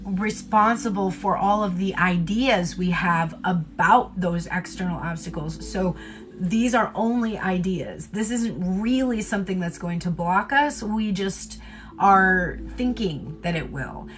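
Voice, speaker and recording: A woman's voice: fairly low pitch, measured pace. Chatty, laughing woman tarot reader. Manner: chatty and candid, laughs often, swears casually; loose, rambling delivery with many fillers. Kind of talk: casual livestream tarot reading.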